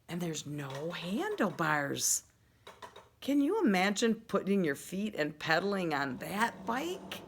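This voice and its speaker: A woman preschool teacher speaks slowly with a lively, bouncing pitch and a bright, clear tone. She stretches out letter sounds for small children in a gentle sing-song. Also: a little hiss or hum. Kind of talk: virtual preschool lesson to young children.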